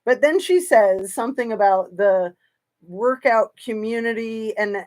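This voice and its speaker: A woman's voice: a little high, lively intonation, measured pace, darkish tone. A woman hosting a casual true crime livestream, chatting in a rambling way with sarcastic asides.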